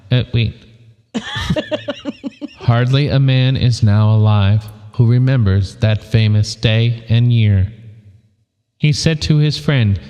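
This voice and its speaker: Man, poem reading, laughing, mellow voice, long reverb. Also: mid-range voice. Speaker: co-host.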